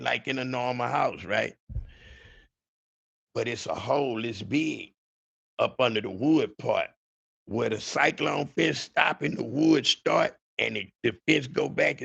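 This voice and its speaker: A man hosting a podcast, telling a story in an animated, profane way and talking to his listeners directly. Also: mid-range voice, creaky, slightly rough. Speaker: podcast host. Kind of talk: dramatic storytelling.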